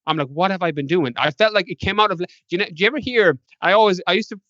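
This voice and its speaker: A man's voice: high-pitched, very fast, sharp tone, dry recording. An Irish man, a podcast guest, telling stories in a casual interview and acting out past conversations with animation. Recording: dull lo-fi dry sound.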